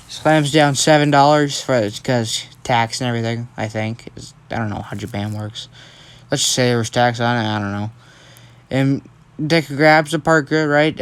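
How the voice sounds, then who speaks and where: A young man casually telling a fan story, rambling and correcting himself, often checking in with a quick question. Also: mid-range voice, smooth. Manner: rambling, self-correcting, keeps adding "right?".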